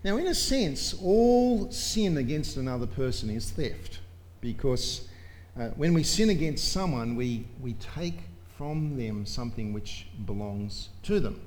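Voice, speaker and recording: A man's voice: medium pitch, very animated, unhurried, darkish tone. A man preaching a sermon in a church, emphatic and full of rhetorical questions to his congregation.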